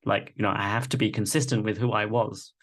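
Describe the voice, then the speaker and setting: A man's voice: on the low side, fairly even intonation, fairly quick, a bit bright. A man leading a live online masterclass, talking reflectively and often checking in with "right?". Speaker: workshop facilitator. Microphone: video call.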